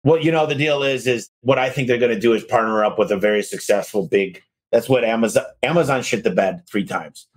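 A man who owns a garage door business, telling energetic stories in a podcast conversation. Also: medium pitch, a little fast, hardly any pauses. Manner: energetic storyteller, acts out phone calls.

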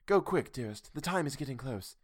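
A man's voice: medium pitch, animated, brisk, no room sound, clean studio sound, voice pushed up, close to an everyday voice. A man putting on a dreamy, entranced young woman. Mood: urgent. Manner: soft, dreamy and distant. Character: young woman in a hypnotic trance, urgent. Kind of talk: audiobook reading.

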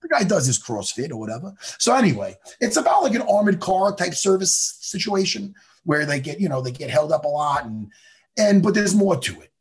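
A man co-hosting a casual chat, animated and profane, slipping into impressions. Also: fairly high pitch, fairly quick, breathy edge. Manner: animated, swearing, doing impressions. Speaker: podcast co-host.

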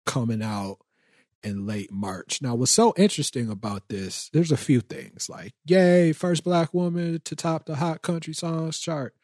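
A man's voice: fairly high pitch, a little slow, a little mellow, no room sound, clean studio sound. A man hosting a podcast in casual chat, teasing his co-hosts with lots of slang. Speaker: podcast host.

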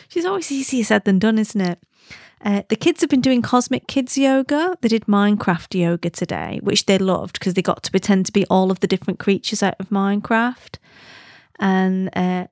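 A woman's voice: medium pitch, normal speed, dry recording, studio quality. Chatty woman podcaster. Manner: chatty, rambling with slang and self-deprecating asides. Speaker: podcast host. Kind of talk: casual chat.

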